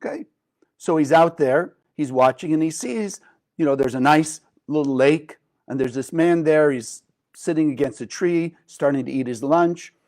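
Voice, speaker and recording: Man, spiritual teacher, conversational lesson, storytelling, engaging, fairly high voice. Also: normal speed, darkish tone. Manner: conversational, engaging, asks the audience questions.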